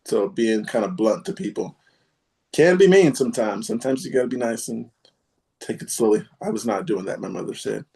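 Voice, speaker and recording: A man hosting a casual group chat, halting and full of fillers, with a sarcastic streak. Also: on the low side, lively intonation, creaky, a little mellow. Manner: halting, many fillers, self-described sarcastic. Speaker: podcast host.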